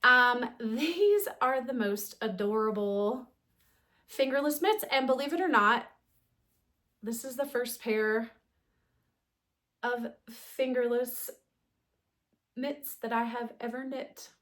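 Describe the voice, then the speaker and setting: Slow-talking chatty woman. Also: a little high, a bit bright. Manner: chatty, many ums and restarts. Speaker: knitting podcast host. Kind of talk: casual show-and-tell chat. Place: home knitting corner.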